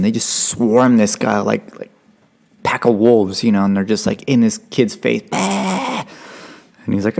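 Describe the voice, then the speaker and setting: A man's voice: lowish voice, vocal fry. A young man casually telling a rambling, profane story as a podcast guest. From United States. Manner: profane, rambling, acts out drill instructors' yelling.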